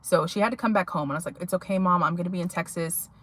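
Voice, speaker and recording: A woman's voice: on the low side, racing, a bit bright. A young adult woman vlogging to her viewers, telling a rambling story in a chatty way with many fillers. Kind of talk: casual chat to viewers.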